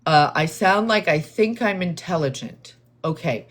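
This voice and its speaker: Slow, deliberate woman livestreamer. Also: lowish voice, background noise. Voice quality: measured tone heard as condescending. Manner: deliberate, therapist-like, calm and explanatory. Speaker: livestream host responding to chat. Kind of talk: slow, measured live-stream talk to viewers.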